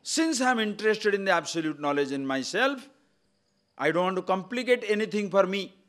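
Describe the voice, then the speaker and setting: A man's voice: animated, a little fast. Older man teaching with rhetorical questions. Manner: rhetorical questions, repeats words, wide swings of pitch and loudness. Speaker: spiritual teacher. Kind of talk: spiritual discourse.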